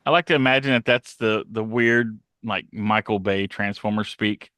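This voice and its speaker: A man's voice: on the low side, normal speed, sharp tone, dry recording, studio quality. A man co-hosting a podcast, chatting casually and jokingly about comics. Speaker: podcast co-host.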